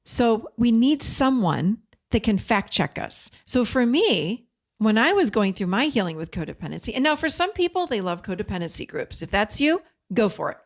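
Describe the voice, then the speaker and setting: A woman's voice: on the high side, sing-song, normal speed. Woman podcast host giving advice, earnest and direct, chatty, lots of "you know". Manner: earnest, direct coaching with personal anecdotes. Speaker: podcast host and codependency coach.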